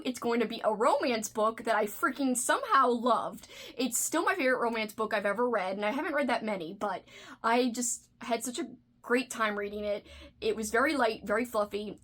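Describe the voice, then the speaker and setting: A woman's voice: a little high, fairly bright tone. A woman chatting casually in a book tag vlog, enthusiastic and filler-heavy. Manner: chatty, enthusiastic, uses lots of "like" and "freaking". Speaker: book vlogger.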